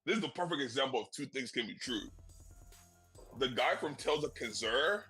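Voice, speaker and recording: Male co-host, husky but bright tone, relaxed and amused, faint music bed. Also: mid-range voice, fairly quick, rough recording. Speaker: podcast co-host. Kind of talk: casual chat.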